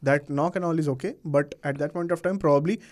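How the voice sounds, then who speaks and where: Indian English male panelist, slightly high voice, argumentative and animated, cuts in a lot. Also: fast talker. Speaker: cricket panelist. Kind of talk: casual debate.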